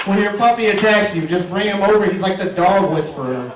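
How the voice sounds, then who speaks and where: A man hosting a comedy show, doing loud, teasing, profane crowd work before bringing up the headliner. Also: high-pitched, moderate pace, hardly any pauses. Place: large comedy room with live audience. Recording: echoey room, far off, crowd noise.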